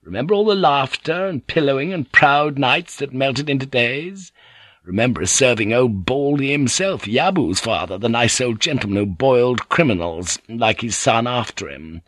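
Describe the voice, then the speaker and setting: A man's voice: medium pitch, lively intonation, normal speed, a bit bright, no room sound. A man lifts his voice to play an older, earthy teahouse madam, knowing and sly, with a chuckle under every line. The reading is close and dry, with no room in it. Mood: shrewd. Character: shrewd, earthy older woman running a teahouse.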